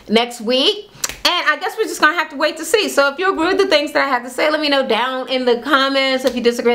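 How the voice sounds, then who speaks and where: High, bright-voiced woman ranting casually. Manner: blunt, profane, acts out other people's quotes. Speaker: reality TV recap vlogger. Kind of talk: casual profane recap rant.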